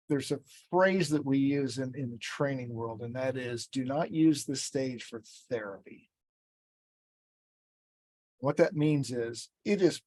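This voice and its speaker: A man who is a speaking coach, talking as a podcast guest in an even, measured coaching tone. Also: mid-range voice. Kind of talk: podcast interview.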